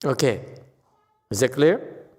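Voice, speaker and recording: The long reverb of a temple lecture hall surrounds a monk teaching the dharma in a slow, medium-pitched voice that's darkish, slightly rough and full of big pitch swings. Blunt and scolding, he often asks the audience again whether they've understood.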